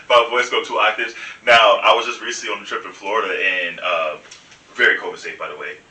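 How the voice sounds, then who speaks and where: A young man talks quickly with a low, bright voice, telling stories in a relaxed way and laughing often. He sits a little back from the mic in an echoey room. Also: far from the mic. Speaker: host. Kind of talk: casual chat over wine.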